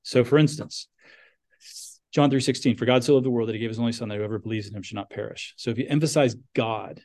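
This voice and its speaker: Man, mid-pitched, teaching a Bible lesson, loose and conversational with many restarts and questions to the room. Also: fast, darkish tone. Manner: thinks aloud with restarts and questions to the class.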